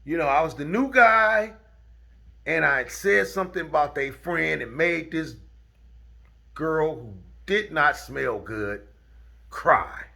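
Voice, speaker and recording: A man's voice: on the high side, expressive, takes it slowly, vocal fry, pauses often. A middle-aged man telling a true story from his school days in a casual, drawling way that turns heated. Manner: drawling, chuckling, gets heated and loud.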